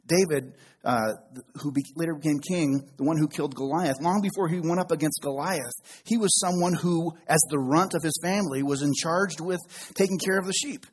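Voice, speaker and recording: A middle-aged pastor delivers a relaxed sermon, drifting into joking asides. His voice is a touch high and noticeably husky. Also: moderate pace, hardly any pauses.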